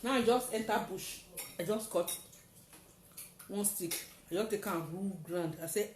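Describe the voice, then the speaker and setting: A woman with a Nigerian Pidgin accent tells a personal story dramatically, acting out the shouts of the people in it. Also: mid-range voice, moderate pace, pauses often. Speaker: testifier. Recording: roomy echo, faint noise.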